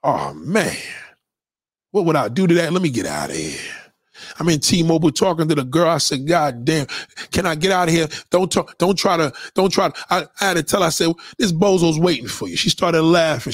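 A man streaming a casual, profane monologue, preachy and animated as he lectures his viewers. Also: on the high side, brisk, dry recording, clean studio sound. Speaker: live streamer.

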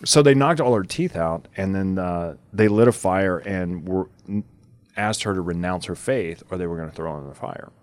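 A man's voice: sits low, normal speed, no echo, studio quality. A man hosting a podcast, telling a story in casual chat with many fillers and frequent laughs. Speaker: podcast host.

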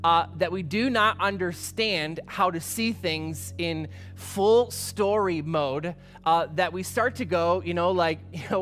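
A middle-aged male pastor preaching a casual storytelling sermon, animated and acting out quotes with exclamations. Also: sits high, a little slow, soft background music.

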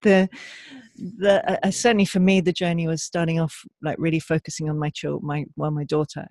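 Guy co-host, gravelly voice, kinda high, eager and agreeable, stumbles over restarts. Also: darkish tone, no room sound, clean studio sound. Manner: enthusiastic, agreeable, halting restarts. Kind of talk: casual podcast chat.

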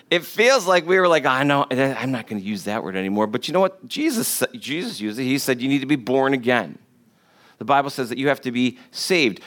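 A man's voice: mid-range voice, a bit bright. A man preaching a sermon to a congregation. He talks in a conversational way, jokes with the listeners and repeats words for emphasis. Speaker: pastor.

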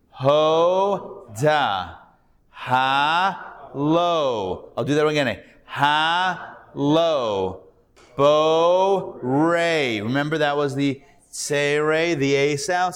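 A male rabbi teaching a live Hebrew reading class, patiently sounding out syllables and repeating them. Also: fairly high pitch. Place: class recorded live in a room.

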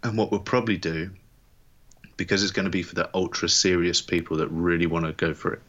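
A man from England co-hosts a podcast in a very low voice, rambling casually with plenty of ums and uhs. The recording sounds somewhat dull and lo-fi. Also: brisk. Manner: relaxed, rambling with fillers. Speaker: podcast co-host. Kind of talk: casual chat.

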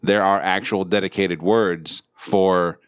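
A man's voice: sits low, steady tone, slow, clear, resonant tone, no room sound, studio quality. A man co-hosting a casual podcast chat, joking, swearing freely and laughing often. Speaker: podcast co-host. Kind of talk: casual banter.

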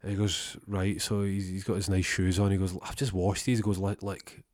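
A young man telling a rambling comic story, deadpan, acting out both sides of the conversation. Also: low-pitched, normal speed, no echo, studio quality. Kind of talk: comic storytelling with acted-out dialogue.

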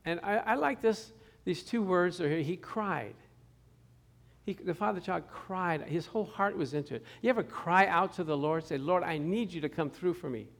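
A man leading an informal Bible study as pastor, animated and acting out the people in his stories. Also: high voice, moderate pace, vocal fry. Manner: animated, acts out quotes with shifting voices.

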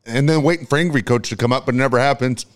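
A man's voice: medium pitch, rapid-fire. A man co-hosting a podcast, blunt and emphatic, swearing in casual banter. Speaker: podcast co-host.

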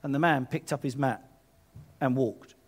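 A man preaching a sermon, acting out the voices in the scripture he reads with sudden high bursts. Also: moderate pace, husky.

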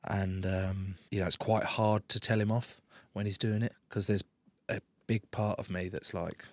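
This Englishman in his thirties, a rugby player with a southern English accent, guests on a studio interview, cheekily bantering with mock indignation and swearing freely. His voice is lowish with little pitch movement, at a moderate pace, and the recording is dry.

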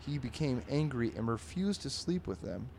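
A man hosting a comedy podcast, reading comic strips aloud in an animated way, laughing often and slipping into squeaky character voices. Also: moderate pace, gravelly, slight background noise.

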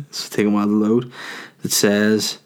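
A man's voice: fairly low pitch, fairly even intonation, measured pace. A man in his thirties, a stand-up comedian, chatting casually while answering viewer questions, swearing freely and ranting with self-mocking humor. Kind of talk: casual chat.

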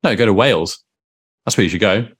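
Bantering low-voiced male podcast host. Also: brisk, slightly rough. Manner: jokey, rambling, self-deprecating banter. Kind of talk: casual chat.

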